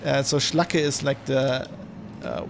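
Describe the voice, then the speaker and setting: A man's voice: mid-range voice, sing-song, slow, creaky, background noise. A man giving casual, rambling commentary while flying, thinking aloud with many fillers. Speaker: flight sim streamer.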